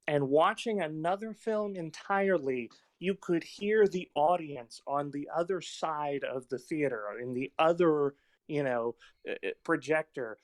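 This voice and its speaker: A man's voice: medium pitch, no echo. Man rambling through a film anecdote. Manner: rambling anecdotes with many fillers. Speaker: podcast host. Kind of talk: casual film discussion.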